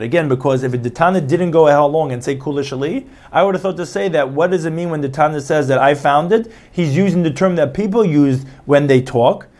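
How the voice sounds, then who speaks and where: A man's voice: a little high, darkish tone. A man giving a Talmud study lecture, explaining step by step, restating each point and acting out the quoted claims. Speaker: Talmud teacher.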